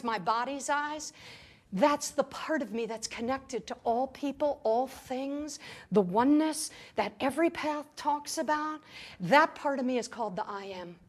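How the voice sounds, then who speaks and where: A woman spiritual teacher giving an inspirational talk to a live audience, telling stories playfully and often checking in with "right?". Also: high voice. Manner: animated storytelling, playful, keeps asking "right?". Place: room with an audience.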